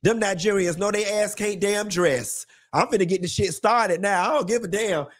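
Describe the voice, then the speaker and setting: A man's voice: high voice, normal speed. A man speaking with an African American Vernacular English accent, ranting on a live stream in a sassy, profane, unfiltered way, a little tipsy and repeating lines for emphasis. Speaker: host of a live commentary stream. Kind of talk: unfiltered casual rant.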